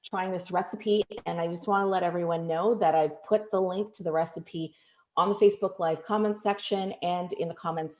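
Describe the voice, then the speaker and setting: In an echoey room, a woman runs an online webinar over video call, sounding upbeat while she reads announcements and offers thanks. Her voice is on the low side with a darkish tone.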